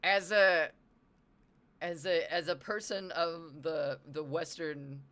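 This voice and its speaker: A streamer from the Northwestern US, chatting casually with viewers, animated and self-deprecating, swearing freely. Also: medium pitch, slow pace.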